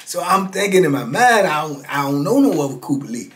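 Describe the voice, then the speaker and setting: Animated slangy storyteller, a man. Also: fairly high pitch, a little fast. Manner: animated, slangy, acts out dialogue. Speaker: interview guest. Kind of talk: casual storytelling.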